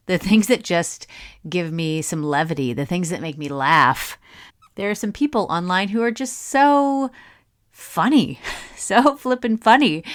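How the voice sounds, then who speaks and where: Solo podcast host, woman in her thirties, lower voice, conversational and reflective. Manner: chatty, musing, with asides and laughs.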